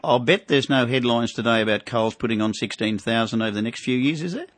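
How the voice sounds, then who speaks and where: Australian male radio finance regular, rambling delivery, mid-pitched, dry studio sound. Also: fast, a bit bright, dry recording. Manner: rambling, many fillers and asides. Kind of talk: casual radio finance segment.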